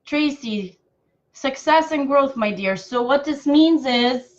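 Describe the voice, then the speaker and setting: A woman reads cards for her live viewers in a slow, unhurried way, her voice sitting fairly high. She is affectionate and halting, full of fillers and restarts. The audio is dull and lo-fi. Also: expressive. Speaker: intuitive card reader. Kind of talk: live card reading for viewers.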